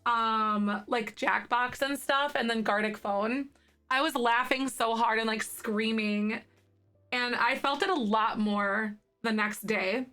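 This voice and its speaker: Bubbly, slightly hoarse woman streamer. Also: on the high side, slow pace, sharp tone, soft background music. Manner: bubbly, chatty, giggly, rambling. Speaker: livestreamer. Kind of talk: casual chat with live viewers.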